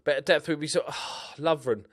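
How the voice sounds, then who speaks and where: A man's voice: a little high, fairly quick. A young man with a Scouse accent giving chatty, cheeky commentary over a football management game, swearing now and then. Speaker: gaming YouTuber. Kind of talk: casual video game commentary.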